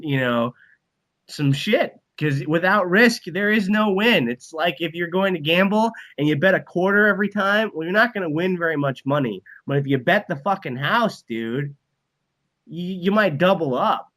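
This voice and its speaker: A man's voice: fairly high pitch, a bit bright, low-quality recording. A man who is a band and comedy manager, talking bluntly and profanely as a guest in a casual podcast interview, full of motivational rambling.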